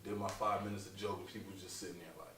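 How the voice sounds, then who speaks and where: A man's voice: low-pitched, flat delivery, fast, a bit bright. A man, a comedian being interviewed, telling stories in a laughing, slangy and profane way. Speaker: comedian guest. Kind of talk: casual interview storytelling. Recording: echoey room, distant mic, faint noise.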